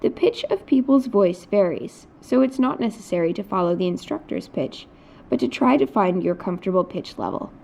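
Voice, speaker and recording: A woman's voice: medium pitch, expressive, moderate pace, vocal fry, dark tone. A woman teaching a recorded Mandarin lesson, explaining patiently in scripted narration. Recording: dull lo-fi recording.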